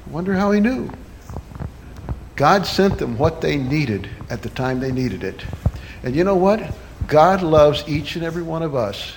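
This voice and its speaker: A man telling a children's story at church, his voice high and unusually light for a man. He delivers it with animated, dramatic flair. A faint hiss sits under the recording. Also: normal speed.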